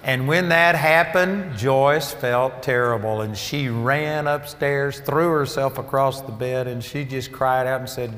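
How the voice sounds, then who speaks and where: A man's voice: mid-range voice, unhurried, few pauses, a bit bright. Man preaching a sermon in a reverberant hall. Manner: emphatic, rising for emphasis, storytelling asides. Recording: long reverb of a large hall.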